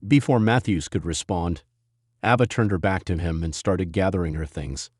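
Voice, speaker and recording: A man reading a dramatic written story as narrator, in an even storytelling manner. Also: low voice, moderate pace, slightly rough, no echo, studio quality.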